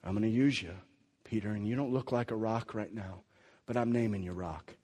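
A man with a husky voice voicing Jesus as a calm, confident teacher in a sermon, with long hall reverb. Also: fairly low pitch, brisk, lightly acted. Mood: reassuring. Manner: earnest, reassuring.

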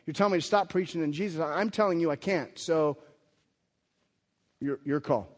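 A man with a husky voice voicing the apostle Peter as bold and defiant in a sermon, with long hall reverb. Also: fairly high pitch, moderate pace, voice pushed up, natural voice. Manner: blunt, defiant.

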